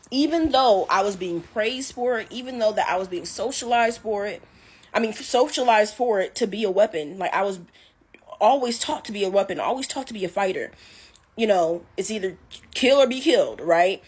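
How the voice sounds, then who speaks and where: A woman talking casually about an anime, animated and emphatic, often asking "right?". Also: medium pitch, moderate pace, breathy edge. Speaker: anime commentator. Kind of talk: casual opinion talk.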